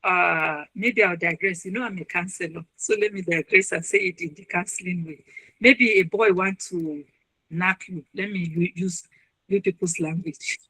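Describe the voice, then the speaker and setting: A woman's voice: lowish voice, steady tone, moderate pace, bright, forceful tone, slightly rough, dry recording, low-quality recording. A woman, a university registrar and counselor, earnestly advising listeners in a webinar talk over a video call. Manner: earnest, advising, acts out quoted voices.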